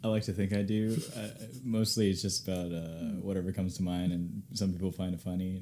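A man's voice: low-pitched, fairly even intonation, fairly quick, hardly any pauses, mellow. A young man as a podcast guest, giving short, hesitant answers with a lot of "uh" and frequent laughs. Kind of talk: casual chat answering questions.

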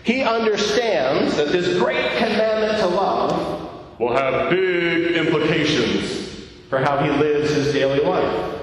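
A male pastor preaching a sermon in a church, putting questions to the congregation and joking at his own expense. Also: high voice. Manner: questions the congregation directly, self-deprecating humor. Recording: echoey church hall, miked from far off.

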